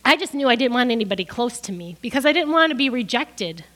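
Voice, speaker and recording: A woman's voice: a little high, animated, fast, fairly bright tone. Tearful woman preaching a sermon. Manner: emotional, tearful testimony with rising emphatic peaks. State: crying.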